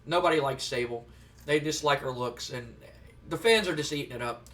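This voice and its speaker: A man's voice: medium pitch, normal speed, fairly bright tone. Rambling man doing game commentary. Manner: rambling, conversational. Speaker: let's player. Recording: distant from the mic.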